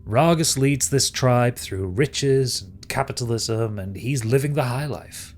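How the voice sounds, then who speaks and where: A man's voice: medium pitch, measured pace, a little mellow, a little hiss or hum, lightly acted. A British man voicing a smug, sneering male villain who schemes and gloats. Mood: gloating.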